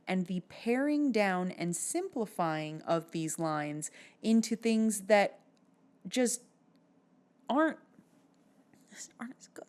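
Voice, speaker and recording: A woman giving sardonic, exasperated commentary for a video essay that reviews a film. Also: medium pitch.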